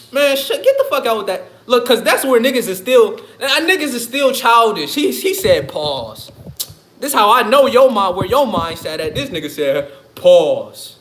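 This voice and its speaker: High-voiced man ranting profanely on a livestream. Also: a bit bright. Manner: profane, rambling, laughs often. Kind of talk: casual livestream rant. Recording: echoey room.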